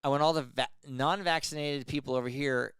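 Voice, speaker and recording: Fast-talking man telling stories. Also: mid-range voice, clear, resonant tone, dry recording. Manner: animated, laughs often, acts out quotes. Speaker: podcast co-host. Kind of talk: casual storytelling chat.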